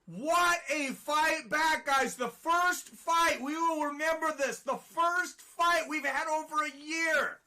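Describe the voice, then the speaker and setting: A man giving excited live play-by-play fight commentary, rising to shouts at big moments. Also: very high-pitched, takes it slowly, hardly any pauses.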